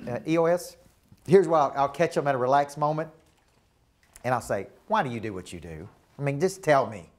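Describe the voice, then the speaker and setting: Emphatic Southern business coach. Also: male voice, a little high. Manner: emphatic, repetitive, checks in with the room. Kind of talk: live coaching seminar.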